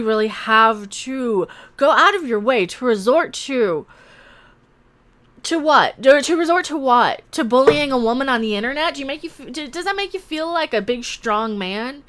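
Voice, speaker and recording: A woman's voice: fairly high pitch, very animated, moderate pace, a bit bright. A woman hosting a casual livestream, sarcastically reading out and answering comments in a rambling way with many restarts. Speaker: livestream host reading chat.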